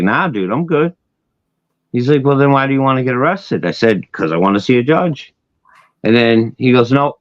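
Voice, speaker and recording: On a live stream, a man tells a long personal story in casual, profane chat, animatedly acting out other people's voices and stuttering now and then. His pitch is medium. The recording is dry and muffled.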